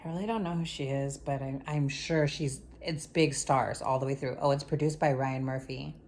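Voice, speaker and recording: Low-voiced woman recapping a show, slangy. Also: steady tone, normal speed, a little mellow. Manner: rambling and slangy, with many fillers. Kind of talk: casual spoken show recap.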